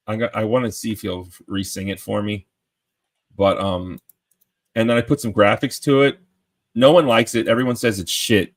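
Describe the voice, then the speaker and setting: Rambling excitable man on a call. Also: on the low side. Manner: rambling, excitable, trips over words. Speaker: panel guest. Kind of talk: casual panel chat.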